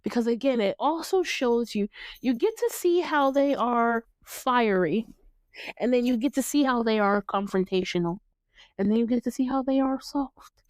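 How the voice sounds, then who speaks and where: Woman, young adult, casual TV recap host, animated, laughing, smooth tone, dry sound. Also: fairly high pitch, moderate pace, dry recording. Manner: animated, laughing, acts out lines in playful voices. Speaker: podcast host.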